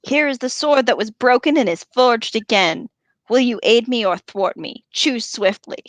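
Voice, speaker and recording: A woman's voice: a little high, dry recording, natural voice. A woman reading as a stern proud warrior king. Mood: commanding. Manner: solemn, slow dramatic reading.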